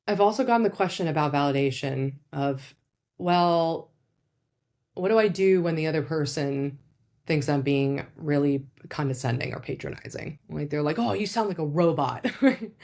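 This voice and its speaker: A woman's voice: measured pace, darkish tone. A woman psychologist explaining things in a casual, chatty way, full of fillers and asides. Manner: acts out quoted speech with big pitch jumps. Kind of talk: casual educational talk.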